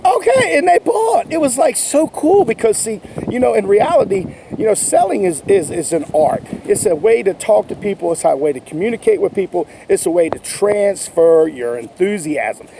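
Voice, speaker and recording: A man's voice: high-pitched, lively intonation, moderate pace, creaky, few pauses, warm tone, slight background noise, low-quality recording. A man giving an enthusiastic, folksy sales pep talk as a sales coach, repeating his points. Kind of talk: motivational talk to camera.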